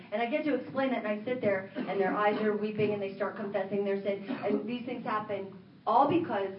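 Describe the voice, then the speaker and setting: A woman minister preaching a sermon, telling a story in an animated way and acting out the dialogue. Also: medium pitch, slight background noise. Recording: roomy, distant, dull sound.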